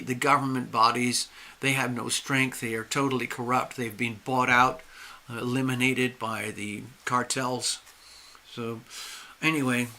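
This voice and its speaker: A man hosting a live astrology stream, speaking emphatically with drawn-out stresses and restarts while losing his voice. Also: mid-range voice, sharp tone. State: losing his voice, clearing his throat. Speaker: astrology and tarot livestream host.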